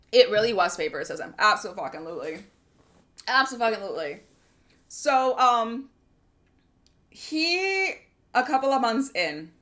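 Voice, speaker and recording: A woman streamer telling a workplace story in casual chat, animated and profane, often exasperated. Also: on the high side.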